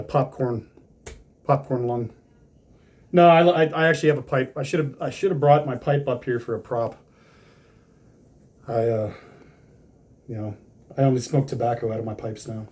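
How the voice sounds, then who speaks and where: A man's voice: mid-range voice, darkish tone. A man casually talking through an unboxing of hats, rambling with lots of fillers and restarts.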